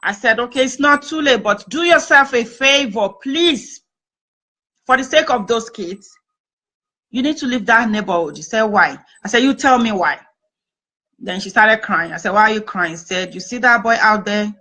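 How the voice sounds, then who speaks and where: A woman speaks with a somewhat high, bright and forceful voice. She talks in an earnest, advice-giving way on a casual talk show. She often retells conversations she had. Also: normal speed, rough recording.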